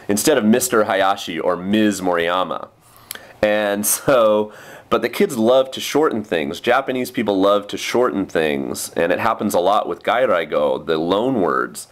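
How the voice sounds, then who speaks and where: A young man with a fairly low voice rambles through a casual vlog about his day teaching English. He talks loosely, full of fillers and little asides. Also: normal speed. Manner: chatty, with many fillers and quoted kid voices.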